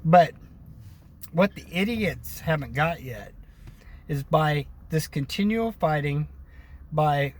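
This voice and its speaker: A man's voice: high-pitched, darkish tone. A man from the United States giving a ranting, repetitive opinion monologue to his viewers, calling them brothers and sisters. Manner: ranting, preachy, repeats himself. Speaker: video blogger. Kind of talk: casual opinion monologue to camera.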